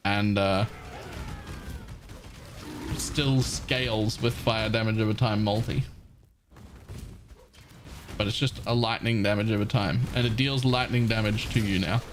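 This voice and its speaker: A man's voice: lowish voice, fairly even intonation, a little slow, pauses often, background noise. An Australian man casually chatting on a live game stream, reading out patch notes and musing about them with fillers.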